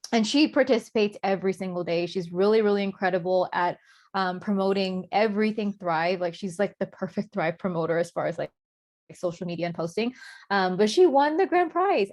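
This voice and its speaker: A woman speaking casually to her sales team on a video call, leaning heavily on "like" and "um". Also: mid-range voice. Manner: chatty, heavy on "like" and "um". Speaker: network marketing promoter. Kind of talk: casual Zoom team talk.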